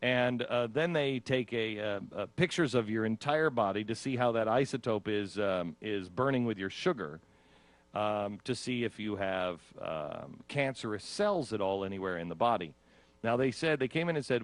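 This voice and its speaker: A man's voice: fairly low pitch, lively intonation, normal speed, no room sound. Self-mocking male radio host, dry mic. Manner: self-mocking, acts out his own panicked reactions with laughs. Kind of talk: casual talk radio chat.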